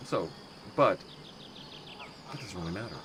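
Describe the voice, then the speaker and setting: An American man with a deep, expressive voice takes his time while hosting a laid-back game stream. He wanders off topic, interrupts himself, uses many fillers, and jokingly mangles German words, with background noise present.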